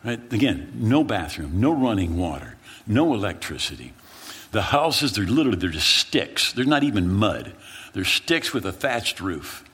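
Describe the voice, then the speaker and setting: Lively, husky-voiced male pastor preaching. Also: fairly low pitch, normal speed. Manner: animated, dramatic retelling with repeated phrases. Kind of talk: storytelling sermon.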